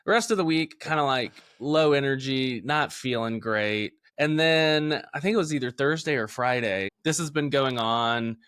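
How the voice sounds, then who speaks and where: Guy podcast co-host, bright forceful voice, dry close sound, acts out the people in his story, kinda worn out. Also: mid-range voice, normal speed, hardly any pauses, clear, resonant tone, no echo. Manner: animated storyteller, acting out both sides of conversations. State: recovering from illness, low energy. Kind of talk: casual chat.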